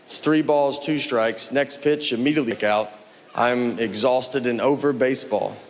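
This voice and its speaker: A middle-aged man from Tennessee, telling rambling deadpan stories in a stand-up comedy set. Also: mid-range voice, moderate pace, background noise. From Tennessee, USA. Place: comedy stage with live audience. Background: audience laughter.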